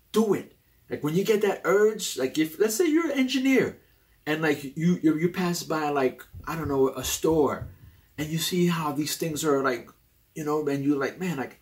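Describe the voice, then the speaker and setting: A young adult man hosting a casual talk about personality types, animated and rambling, often restarting his sentences. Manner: animated and rambling, with many restarts and sudden jumps in pitch. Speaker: host.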